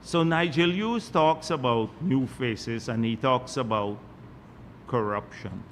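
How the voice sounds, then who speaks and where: A man's voice: medium pitch, takes it slowly, in a large hall, slight background noise. A man with a Guyanese accent speaking as a party general secretary at a press conference, scornful and mocking toward his opponents.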